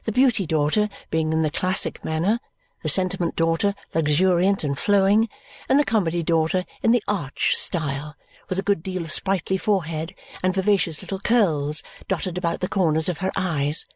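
A woman narrating an audiobook of a classic novel at a measured, even storytelling pace. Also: fairly low pitch, no echo. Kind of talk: scripted narration.

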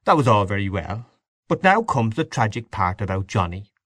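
A wry gentleman spins a tale in a mock-grand manner, voiced by the male reader close to his own voice. His voice is lowish but lively in pitch. The recording is dry and close. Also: moderate pace, no echo. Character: genial storytelling gentleman, a man.

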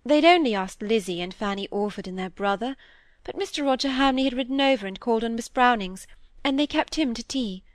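A woman's voice: fairly high pitch, expressive, a little fast, no room sound, clean studio sound, pitched above the performer's own voice, lightly acted. Woman reading as languid charming young woman. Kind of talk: audiobook reading.

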